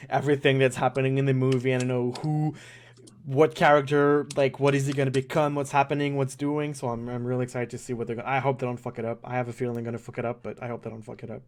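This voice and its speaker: A woman co-hosting a gaming podcast over a video call, talking with excitable, nerdy enthusiasm and swearing casually. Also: extremely low pitch, fast talker.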